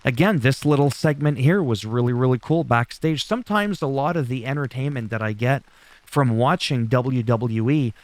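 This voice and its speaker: A man's voice: medium pitch, normal speed, no room sound. Chatty rambling man recapping a show. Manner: rambling, chatty, loose and profane. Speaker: wrestling recap YouTuber. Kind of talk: casual show recap commentary.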